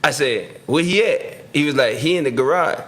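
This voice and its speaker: Here a man who used to play football relaxes into an extended story for a sports talk program, performing each quote and chuckling mid-sentence. He speaks at a normal speed with a fairly high, slightly bright voice and lively intonation.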